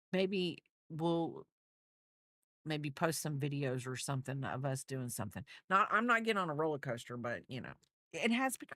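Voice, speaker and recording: Woman, low pitch, chatty rambling livestream talk, dry recording. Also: a bit bright, no room sound. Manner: rambling, chatty, thanks viewers. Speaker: crochet livestreamer. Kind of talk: casual livestream chat.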